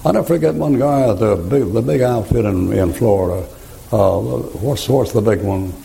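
A man's voice: fairly low pitch, normal speed, vocal fry, dark tone, a little hiss or hum, low-quality recording. A man, preaching a folksy, joking sermon and laughing at his own stories.

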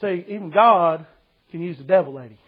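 A man's voice: high voice, fairly quick, breathy edge, narrow, tinny audio. A man, preaching a folksy, joking sermon to a church congregation and calling his listeners brother. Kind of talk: humorous storytelling sermon. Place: church service.

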